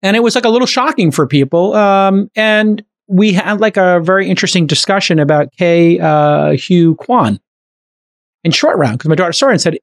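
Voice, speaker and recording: A middle-aged man hosting a podcast in casual chat, talking quickly and enthusiastically with many "like" fillers. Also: sits high, animated. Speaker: podcast host.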